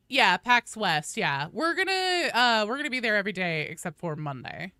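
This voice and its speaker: Bubbly, bright-voiced woman streamer. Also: mid-range voice, moderate pace, hardly any pauses, smooth, dry recording, studio quality. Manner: excitable, chatty, greets viewers by name. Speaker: game streamer. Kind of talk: casual live-stream chat.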